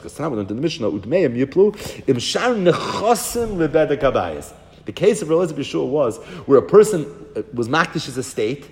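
A man teaching a Talmud lesson at a quick clip, rushing through Hebrew and Aramaic terms inside his English. His pitch swings up and down a lot as he argues each side. The recording rings with a long hall reverb. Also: a little mellow. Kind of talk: Talmud lecture.

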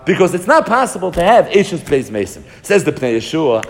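A man teaching a Talmud class in a lively lecture style, acting out the voices of commentators and repeating words as he builds each argument. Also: sits high, a little fast, slight background noise. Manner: animated, acts out the voices of commentators. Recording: long reverb in a hall.

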